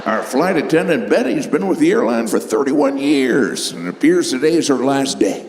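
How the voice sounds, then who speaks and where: A man's voice: on the high side, huge pitch swings, normal speed, vocal fry, exaggerated voice. A man voicing a breezy, cheerful male airline pilot making intercom announcements. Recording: echoey hall, noisy live room.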